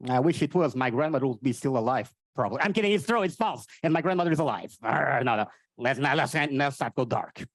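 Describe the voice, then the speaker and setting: A man from Portugal with a Portuguese accent doing a stand-up comedy set and chatting with the crowd. He swings between high exclamations and low muttered asides. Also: expressive, fast, few pauses, no room sound. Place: live comedy venue.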